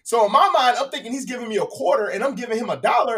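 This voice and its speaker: A man telling a casual story on a podcast, profane and animated, acting out both sides of conversations. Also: very high voice, rapid-fire, few pauses, far from the mic.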